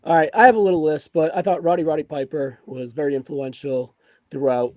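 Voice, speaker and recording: A man on a podcast in casual chat, going through a list of points in a relaxed way. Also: fairly high pitch, fairly quick, no room sound. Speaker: podcast co-host.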